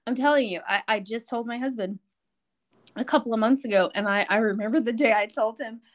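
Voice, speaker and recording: A woman with a slightly high, brisk voice co-hosts a podcast, telling stories in casual chat. She's an animated storyteller who laughs easily, sometimes until she's in tears.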